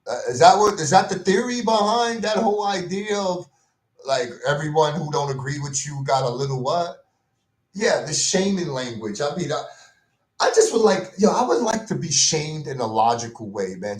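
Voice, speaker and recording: A man's voice: medium pitch, reverberant. A man ranting casually in slang, repeating himself and tossing in "man" and "bro" as he vents his exasperation. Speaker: commentary vlogger. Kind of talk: casual rant.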